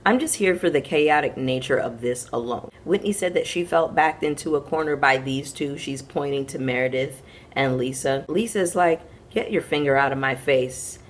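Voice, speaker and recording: A woman's voice: sits low, normal speed, slight background noise. A woman hosting a casual reality TV recap, chatting frankly to her viewers and acting out the quotes as she retells each scene.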